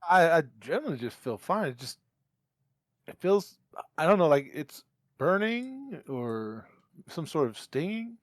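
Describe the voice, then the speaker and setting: A man playing a tabletop game, describing his character's actions in halting, stumbling restarts. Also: on the high side, very animated, no room sound, clean studio sound. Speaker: player. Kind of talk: casual tabletop play.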